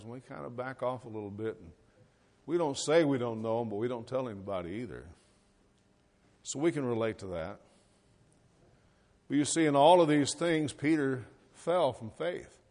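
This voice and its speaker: A man's voice: mid-range voice, darkish tone. A middle-aged man preaching a sermon, reading scripture and explaining it in a folksy, conversational way with rhetorical questions. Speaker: pastor.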